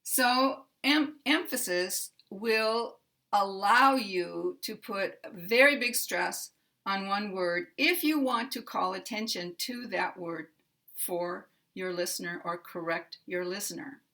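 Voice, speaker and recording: An American woman teaching English pronunciation, explaining slowly and modeling example sentences with careful stress. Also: medium pitch, pushed and bright. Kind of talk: slow, clear instructional explanation.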